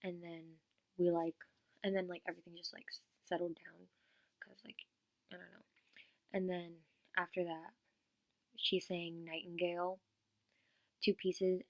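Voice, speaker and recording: A woman's voice: lowish voice, dry recording, highs cut off. A teenage girl vlogging about a concert in a gushing, rambling way, full of "like" fillers, sometimes dropping to a whisper. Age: teens. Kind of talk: casual vlog chat.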